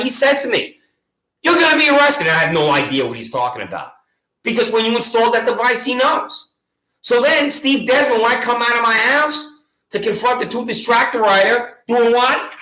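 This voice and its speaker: Combative male ranter, high-pitched and bright, sarcastic accusatory tone, roomy echo. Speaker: video channel host. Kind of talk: angry monologue to camera.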